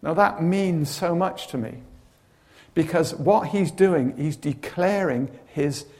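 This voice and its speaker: Animated preacher, slightly high voice. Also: male voice, takes it slowly. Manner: animated storytelling with humorous asides. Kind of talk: sermon.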